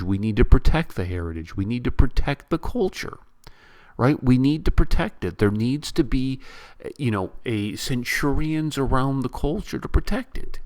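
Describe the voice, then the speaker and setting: A man vlogging at home, ranting to his viewers in a casual, animated way and repeating himself for emphasis. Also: medium pitch. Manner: animated, repetitive, addresses viewers directly. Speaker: YouTube vlogger. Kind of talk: casual on-camera rant. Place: home room near a bedroom.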